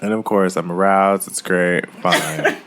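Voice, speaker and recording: A young man co-hosting a podcast, telling a story in a casual, animated way. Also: measured pace, noisy background. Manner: animated storyteller, mimics others in a high voice. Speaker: podcast co-host.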